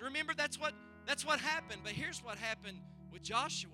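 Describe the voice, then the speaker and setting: A man preaching a sermon as pastor, building to loud, fervent calls and asking the congregation to answer back. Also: very high voice, brisk, hardly any pauses, over music. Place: church service.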